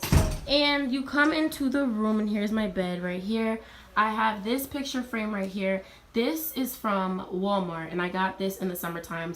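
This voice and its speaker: This dorm tour comes from a young woman in college whose mid-range voice has a fairly bright tone. She chats cheerfully straight to her audience, with slight noise in the background.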